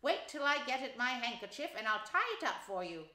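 A woman voicing an excitable, impatient male water rat who bosses his friend around, in a storybook reading. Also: a little high, fairly quick, pitched above the performer's own voice. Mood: puzzled. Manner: bossy and eager, scolding his friend. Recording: roomy echo.

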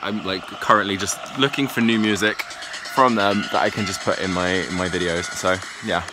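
A deep-voiced vlogger chats in a casual, upbeat way while out and about in a city, on streets and indoors, rambling and restarting his sentences. His tone is steady and his speed normal, against a noisy background with loud music playing.

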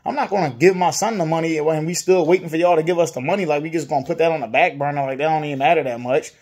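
A man's voice: on the high side, very fast, a little mellow. A man with a Virginia accent, venting in a casual monologue about a bad dealer experience, repeating himself and acting out what others said. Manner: frustrated, repetitive, mimics others' lines. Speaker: customer complaining about a dealer.

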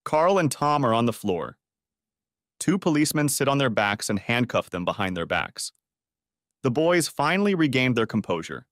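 A man narrating a first-person revenge story audiobook in an expressive, dramatic manner on a close mic. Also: mid-range voice, normal speed, no echo.

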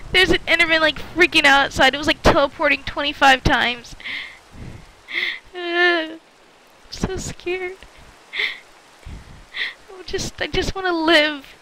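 A woman's voice: very high-pitched, takes it slowly, long pauses, sharp tone, a little hiss or hum, rough recording. A woman giving chatty let's-play commentary while gaming, talking to her viewers with frequent exclamations. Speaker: gamer.

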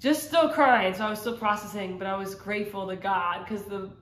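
A woman's voice: medium pitch, a little fast, a bit bright. A woman sharing a personal faith testimony in casual, earnest talk, rambling with many fillers and restarts. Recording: roomy echo.

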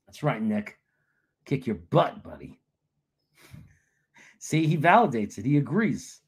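Husky joking New man. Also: a little high, animated, normal speed, pauses often. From New York. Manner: joking, boastful, laughs often. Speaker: sports show host. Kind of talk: casual live-stream banter.

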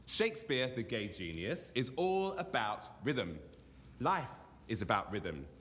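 An actor playing a playful, theatrical teacher, coaching a class in a teasing, animated way. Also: male voice, mid-range voice, measured pace. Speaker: drama and dance teacher. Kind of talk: film drama. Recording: echoey hall with loud music.

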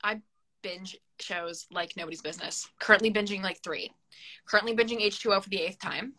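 A woman's voice: mid-range voice, fairly quick, bright, forceful tone, low-quality recording. A young woman chatting casually as a guest on a phone live stream, teasing and mock-dramatic. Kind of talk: casual chat. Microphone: phone on a live video call.

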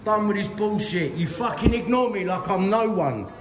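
A man's voice: sits high, animated, moderate pace. A middle-aged man with a London accent, ranting angrily and profanely while filming a complaint on his phone. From London, England. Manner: profane, repetitive, heated. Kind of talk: angry confrontational rant. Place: hospital waiting area, indoors. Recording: echoey hall with long reverb.

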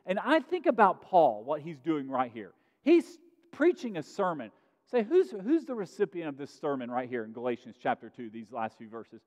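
High-voiced man preaching in a sanctuary. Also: wildly swooping pitch, normal speed. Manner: earnest preaching with rising emphasis and sudden drops to quiet. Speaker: pastor. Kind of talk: sermon. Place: church sanctuary. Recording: muffled sound in a reverberant sanctuary.

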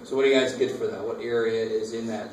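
A man's voice: fairly low pitch, fairly even intonation, quick pace. A man teaching a math lecture, talking casually and asking the class questions. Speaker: math instructor. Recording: echoey classroom from far off, faint noise.

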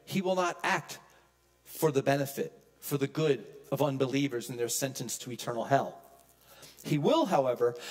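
A man preaching a sermon as pastor, emphatic, swinging from loud peaks to hushed low lines. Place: church.

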